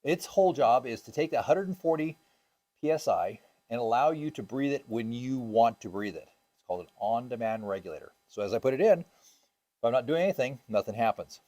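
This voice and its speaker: In a classroom, a male scuba instructor walks his class through the gear, sometimes tossing questions to the group. His middle-pitched voice is warm, expressive and fairly quick, casual and upbeat, with plenty of ums and uhs.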